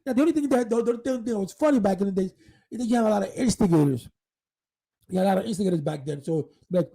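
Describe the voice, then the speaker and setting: A man telling profane street stories in a casual, animated monologue, full of restarts. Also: high-pitched, racing, creaky, poor audio. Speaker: podcast host.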